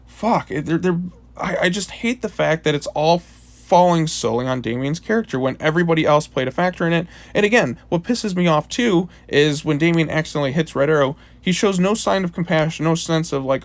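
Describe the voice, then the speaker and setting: A man's voice: a little high, a little fast. A man giving a casual, frustrated comic book review, swearing often and filling his talk with "like".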